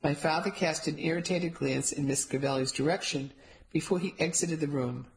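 A woman's voice: sits low, moderate pace, low-quality recording. A woman giving wry, amused first-person audiobook narration.

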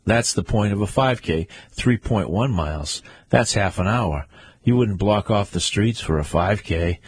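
A man's voice: fairly low pitch, husky, dry recording. A man voicing a mocking joker dressed as Santa, needling his friend. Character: teasing joking man in a Santa suit.

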